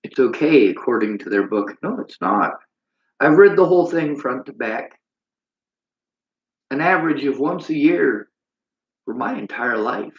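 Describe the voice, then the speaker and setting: A man's voice: medium pitch, lively intonation, a little slow, long pauses. A man hosting a livestream, ranting bitterly in a preachy way and reading out chat comments. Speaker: livestream host. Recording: roomy, dull lo-fi sound.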